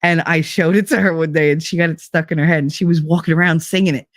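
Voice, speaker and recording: A woman's voice: sits low, fast talker, no room sound. New woman, middle-aged, podcast host, casual storytelling, salty language, dry close sound. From Hoboken, New Jersey. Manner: animated, swears freely, frequent laughter.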